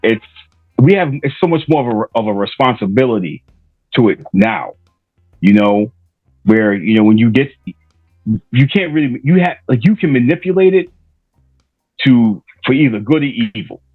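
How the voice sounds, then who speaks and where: A man's voice: mid-range voice, expressive, moderate pace, long pauses, slightly rough, no room sound, narrow, tinny audio, soft background music. A middle-aged man from Rhode Island, a podcaster guest telling stories casually and loosely, with many fillers and restarts. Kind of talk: casual interview storytelling.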